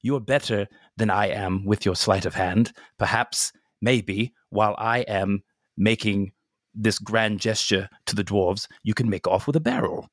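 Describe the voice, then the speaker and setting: A man's voice: on the low side, steady tone, measured pace, dry recording, clean studio sound. A man voicing a reckless young man who coaxes his younger brother into mischief, in a tabletop game. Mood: coaxing. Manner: breezy, coaxing, persuasive.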